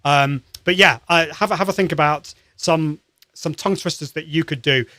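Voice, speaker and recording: Host type: upbeat male voice coach, slightly higher pitch, dry close sound. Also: normal speed, pushed and bright, no echo. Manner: upbeat and encouraging, demonstrates sounds; conversational with frequent restarts. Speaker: live-stream show host, voice coach. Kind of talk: live-streamed voice warm-up lesson.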